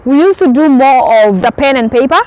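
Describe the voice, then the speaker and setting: A young woman from Kenya chats to her viewers in a casual vlog. Her voice sits high, and she tells her stories with a lively manner, acting out her own past reactions as she goes. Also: a little fast, slight background noise, low-quality recording. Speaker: vlogger.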